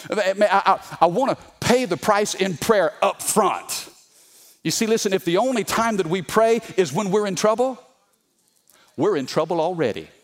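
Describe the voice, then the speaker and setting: A middle-aged male pastor preaching an energetic sermon, calling on the congregation to respond. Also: high-pitched, moderate pace. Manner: animated, call-and-response with congregation.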